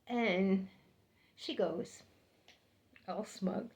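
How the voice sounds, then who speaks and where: A woman's voice: mid-range voice, slow, mellow. An older woman telling a personal story to the camera, chatty and repeating words for emphasis. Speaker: vlogger.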